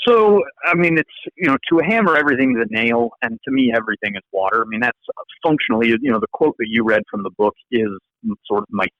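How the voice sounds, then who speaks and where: An American man speaks as an interview guest in a mid-pitched voice, eager and animated as he tells his stories and restarts his phrases. The audio is dry and a little dull and lo-fi, as if from a modest call recording. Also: quick pace, dry recording. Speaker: law professor, guest. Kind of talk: conversational interview storytelling.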